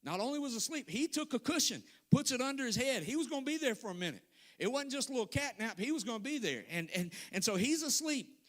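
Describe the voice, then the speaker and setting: A man's voice: very high-pitched, lively intonation, quick pace, fairly bright tone. A man from Alabama delivering a sermon as a guest speaker, emphatic and conversational, repeating phrases for stress. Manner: conversational, talks straight to the congregation.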